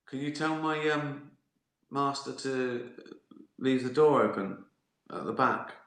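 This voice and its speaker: A man's voice: medium pitch, slow pace, fairly bright tone, roomy sound. A man voicing a male dog that talks to people, asking plainly with no big put-on voice. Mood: pleading. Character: a male dog talking to a human, eager.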